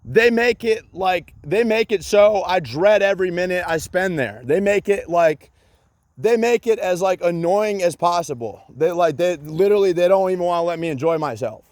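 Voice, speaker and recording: A man's voice: high-pitched, animated, moderate pace, a little mellow, dry recording. A man in a rambling solo rant, agitated and profane, repeating himself with many fillers and bits of sarcasm.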